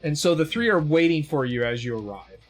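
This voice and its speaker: High-voiced rambling male game master. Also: animated, brisk, faint music behind. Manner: rambling, filler-heavy, self-deprecating. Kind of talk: narrating a tabletop game.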